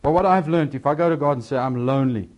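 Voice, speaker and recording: A man preaching a sermon, swinging between loud, emphatic lines and quieter asides. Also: fairly high pitch, racing, lo-fi sound.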